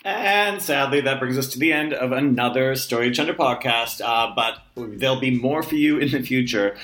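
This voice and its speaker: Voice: mid-range voice, a bit bright. A podcast host giving a casual closing, with ums and uhs. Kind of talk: podcast outro. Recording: guitar music behind.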